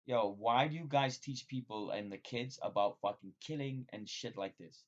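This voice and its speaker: A man vlogging in a rambling, profane monologue that jumps suddenly between loud excited bursts and low mutters. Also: moderate pace. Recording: dull lo-fi sound.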